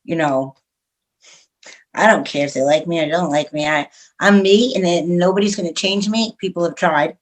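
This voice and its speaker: A woman's voice: fairly low pitch, normal speed. A middle-aged woman, a radio host, talking frankly and chattily as a guest in a casual interview, laughing often.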